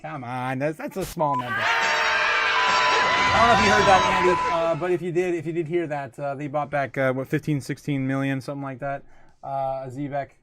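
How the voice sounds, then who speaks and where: A man's voice: fairly high pitch, brisk, sharp tone, soft background music. A man hosting a crypto livestream, casually reading out viewer comments with lots of laughter and filler words. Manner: laughs often, hesitant with many fillers.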